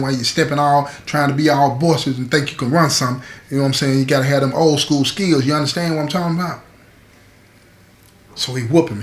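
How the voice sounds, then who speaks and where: A man hosts his show and tells a prison story to camera in a streetwise, conversational style, often checking in with the listener. His voice is mid-range and fairly bright, with a roomy sound.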